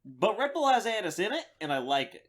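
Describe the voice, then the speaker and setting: Lively, teasing young man co-host. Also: high voice, fairly quick. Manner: wry, teasing, lively delivery. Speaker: podcast co-host. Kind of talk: casual comedic chat.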